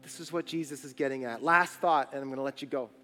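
A man's voice: mid-range voice, fast, pushed and bright, big-room sound, soft background music. A man pastor preaching a sermon to his church, building intensity with emphatic repetition. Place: church sanctuary.

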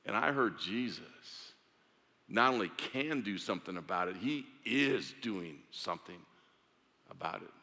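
A man's voice: fairly low pitch, lively intonation, measured pace, pushed and bright, big-room sound. A man preaching a sermon, telling a story with drama and acting out the voices of its characters. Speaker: pastor.

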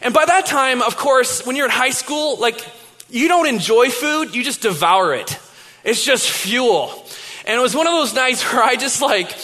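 A very high, sharp-toned voice belongs to a pastor in his thirties giving a sermon. He relates stories in a chatty way with many false starts, recorded amid a large hall's long reverberation.

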